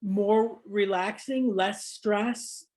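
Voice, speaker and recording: A woman's voice: medium pitch, steady tone, drawn-out words, crowd noise. A woman hosting a casual chat and asking her guest questions. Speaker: host.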